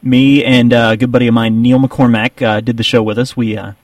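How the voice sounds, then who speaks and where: A man's voice: mid-range voice, level tone, a little fast, no echo. A man hosting a radio show from a studio, taking calls and explaining in a rambling way full of restarts. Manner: rambling, with many fillers and restarts. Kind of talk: casual radio banter.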